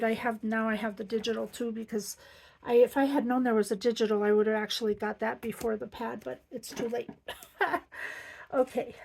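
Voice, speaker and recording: A middle-aged woman vlogs about crafting, casually showing off a craft supply haul and gushing with lots of ums. Her voice is fairly high, gravelly, and a little mellow. The recording is rough.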